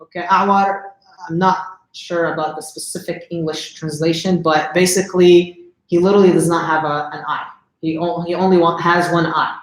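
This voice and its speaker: A man's voice: a little high, little pitch movement, brisk. A man telling a religious story in a casual livestream lesson, chatty and often asking the audience questions. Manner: conversational, asks the audience questions. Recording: roomy echo.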